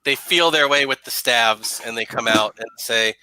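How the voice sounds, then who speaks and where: A man's voice: mid-range voice, normal speed, sharp tone, clean tone, no echo, poor audio. A man running a tabletop game as game master, narrating with many hesitations. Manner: hesitant, full of ums.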